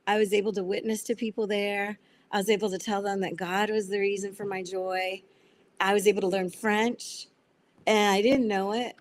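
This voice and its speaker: A woman guest on a video call, telling her faith story in an earnest, animated way and acting out the voices of people she quotes. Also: mid-range voice, slight background noise. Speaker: guest sharing testimony. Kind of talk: testimony interview.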